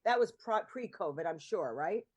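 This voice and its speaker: A woman's voice: fairly low pitch, animated, normal speed, darkish tone, breathy edge. Chatty woman podcast host. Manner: chatty, rambling, lots of ums. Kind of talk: casual chat.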